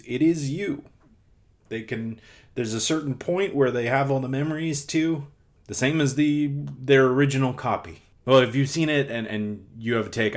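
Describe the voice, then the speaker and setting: A young man hosting a podcast, chatting casually and rambling, with frequent restarts and fillers. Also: lowish voice. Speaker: podcast host. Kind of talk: casual chat.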